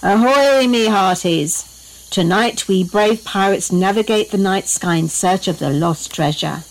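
A woman's voice: unhurried, close to an everyday voice, rough recording. Woman playing a rowdy pirate captain dad. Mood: commanding. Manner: booming commands, pirate slang. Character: boisterous pirate-captain dad, bossy and jolly.

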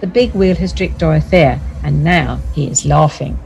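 A woman narrating a children's bedtime story in a gentle, expressive storytelling manner. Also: low-pitched, normal speed, creaky, soft background music.

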